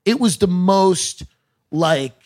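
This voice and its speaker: A man's voice: high-pitched, animated, takes it slowly, darkish tone, dry recording, studio quality. A man, a guest comedian telling stories in casual chat backstage, acting out other people's voices and laughing mid-story. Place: backstage at a theatre.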